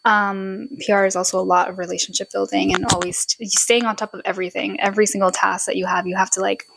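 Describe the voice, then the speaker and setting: A woman's voice: medium pitch, little pitch movement, fast, gravelly, fairly bright tone, a little hiss or hum, rough recording. A woman in her twenties from Nepal, co-hosting a casual podcast chat, talking in a rambling way with many fillers and laughs. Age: 20s. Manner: chatty, filler-heavy, laughs often. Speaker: podcast co-host.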